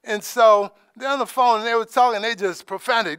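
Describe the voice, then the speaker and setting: A man giving an informal, conversational sermon as preacher, dropping in praise asides and trailing off softly. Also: extremely high pitch, a little fast, smooth, no room sound, studio quality. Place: church in Alaska.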